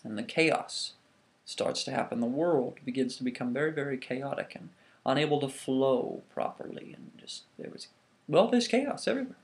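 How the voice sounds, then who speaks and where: A man casually telling a myth to the camera, animated, with frequent restarts. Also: mid-range voice, moderate pace, vocal fry. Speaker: vlogger. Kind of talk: casual storytelling.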